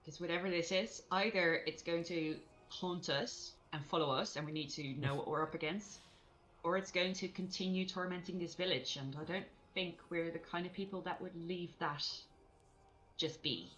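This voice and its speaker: A woman's voice: lowish voice, moderate pace, fairly bright tone, a little hiss or hum, rough recording. A woman playing a tabletop role-playing game, talking casually and thinking aloud with frequent laughs. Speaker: player.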